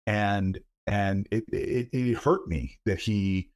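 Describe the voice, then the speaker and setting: A middle-aged senator and book author, appearing as a guest, answers interview questions earnestly, stumbling, repeating words and acting out quoted voices. His voice is lowish, slow and a little mellow.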